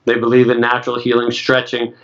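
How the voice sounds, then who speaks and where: A man's voice: mid-range voice, monotone, fairly quick, fairly bright tone. Chatty late-thirties man, lo-fi podcast. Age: late 30s. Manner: chatty storyteller, acts out other people's lines. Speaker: podcast co-host. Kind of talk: casual podcast chat. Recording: dull lo-fi sound.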